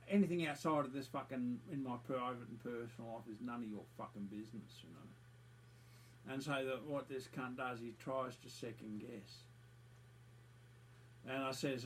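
A man's voice: mid-range voice, slight background noise, poor audio. A man, delivering an angry, profane monologue that keeps circling back to the same points with open scorn.

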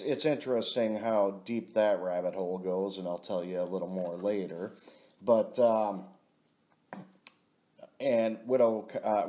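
A middle-aged vlogger with a warm, mid-range voice rambles through a personal story. Swearing frequently, he refers to himself as "your buddy."

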